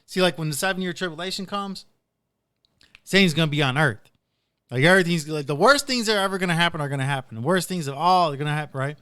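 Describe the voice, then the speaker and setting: A man's voice: a little high, quick pace, bright, forceful tone, clear, resonant tone, no room sound, studio quality. A man hosting a casual podcast, rambling through retold stories with plenty of "dude" and "like". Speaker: podcast host.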